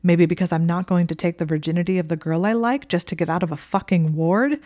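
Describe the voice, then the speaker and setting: A woman's voice: lowish voice, fast, darkish tone, no echo, studio quality, natural voice. A woman reading the part of a sulky, sardonic young nobleman with a sarcastic, drawling delivery.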